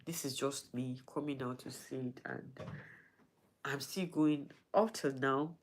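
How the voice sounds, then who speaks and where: A woman talking to her followers in a personal vlog, halting and emotional, with frequent restarts, sounding weak and in pain. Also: very deep voice, fairly even intonation, a little hiss or hum. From Nigeria. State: in pain and weak from not eating. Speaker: vlogger.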